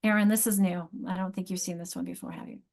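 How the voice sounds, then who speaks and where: A woman instructor teaching other teachers, thinking aloud and sounding out words slowly, repeating each one. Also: medium pitch, steady tone, a little mellow. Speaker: literacy instructor.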